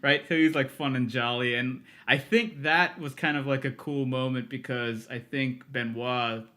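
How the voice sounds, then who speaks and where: Bright, animated man telling stories. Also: mid-range voice, normal speed. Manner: animated storyteller, laughs often, acts out quotes. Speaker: podcast guest, music producer. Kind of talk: casual interview storytelling.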